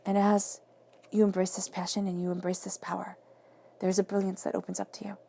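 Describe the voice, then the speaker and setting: A woman reads tarot in an emphatic, affirming way. Her voice is gravelly and dark in tone, and she often sinks into soft whispers to stress a point. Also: medium pitch, little pitch movement, a little fast. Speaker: tarot reader. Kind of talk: spoken tarot reading.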